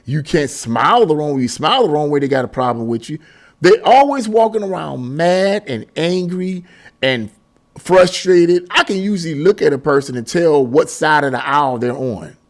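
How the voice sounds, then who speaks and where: This political commentary vlogger has a fairly high, animated voice and talks at a normal speed. Addressing his viewers with a casual opinion monologue, he sounds exasperated and preachy, repeats himself, and laughs between points and even mid-sentence.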